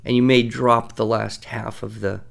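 Gravelly man explaining poetry rhythms. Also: on the low side, flat delivery, a bit bright. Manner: explanatory, chants rhythms and recites verse slowly. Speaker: podcast co-host, teacher. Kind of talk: relaxed educational conversation.

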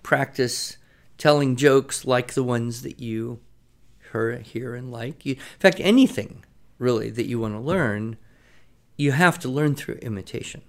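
A man's voice: mid-range voice, a little slow, gravelly. Man explaining things in a podcast chat. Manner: thoughtful, explanatory, storytelling. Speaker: podcast co-host, writing educator. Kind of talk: casual conversational podcast.

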